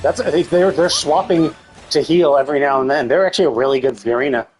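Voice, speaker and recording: A man with a high voice vents at length while streaming a game, exasperated and swearing freely. His talk is loose and full of fillers. Faint music plays underneath. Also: quick pace, a little mellow. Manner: exasperated profane ranting. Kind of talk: live gameplay commentary.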